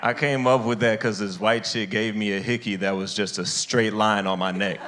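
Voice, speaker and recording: A man doing a stand-up set on a club stage. He is animated and jumps into high, squeaky character voices for the people in his stories, speaking into a handheld mic. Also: normal speed, noisy background. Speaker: stand-up comedian. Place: comedy club stage with a live audience.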